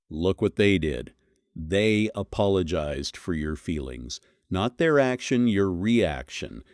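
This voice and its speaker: Blunt deep-voiced man, scornful. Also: darkish tone, no room sound, studio quality. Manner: blunt and scornful, hard emphasis on single words. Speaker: commentary host. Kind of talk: scripted commentary monologue.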